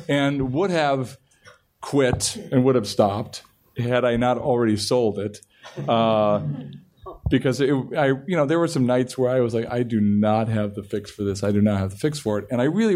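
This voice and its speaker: A man's voice: medium pitch, darkish tone. A middle-aged man, a television writer, telling a long story at a panel interview and often restarting his sentences. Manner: rambling storytelling with frequent restarts. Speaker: television writer and show creator.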